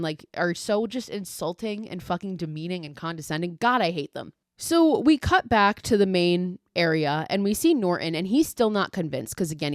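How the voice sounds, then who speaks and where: A woman's voice: lowish voice, no echo, studio quality. A young woman hosting a podcast, casually recapping a film with lots of swearing and quoted lines. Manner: profane, animated retelling with quoted lines. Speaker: podcast host.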